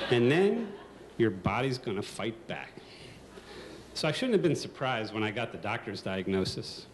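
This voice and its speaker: Man, sixties, live storytelling, comic, self-mocking, animated pitch. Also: a little slow, long pauses, background noise. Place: stage at a live storytelling event.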